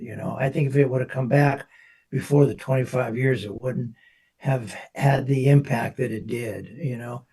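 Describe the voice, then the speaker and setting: A man with a gravelly, husky voice and a dark, low timbre speaks on a live panel. He is reflective and halting, with his phrases often trailing off softly. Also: far from the mic. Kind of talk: casual panel discussion.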